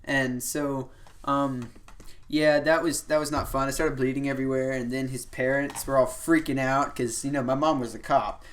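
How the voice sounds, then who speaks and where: A man's voice: mid-range voice, steady tone, moderate pace. Young man rambling through a story. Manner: rambling anecdotes full of "like" and "you know". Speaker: podcast host. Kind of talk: casual storytelling chat.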